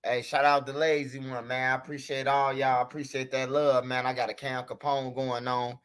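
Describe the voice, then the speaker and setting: Bright-voiced man chatting on a livestream. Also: medium pitch, level tone, moderate pace, smooth. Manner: loose, profane, talks straight to the chat. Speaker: livestream host. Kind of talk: casual livestream commentary.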